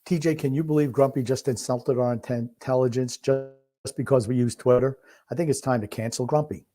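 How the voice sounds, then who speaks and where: A man co-hosting a casual sports podcast, blunt, sarcastic and quick to swear, reading listener comments aloud. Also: medium pitch, fairly even intonation, mellow. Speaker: podcast co-host.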